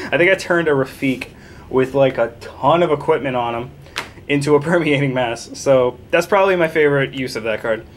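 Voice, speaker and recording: A man's voice: medium pitch, normal speed, slight background noise. A young man casually walking through a card game deck, rambling, correcting himself and chuckling along the way. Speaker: deck tech presenter.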